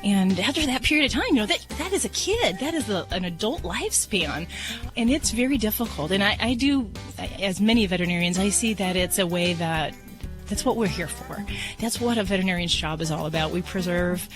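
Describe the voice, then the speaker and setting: A woman veterinarian speaking as a guest on a radio show, thoughtful and measured. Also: medium pitch, animated, soft background music.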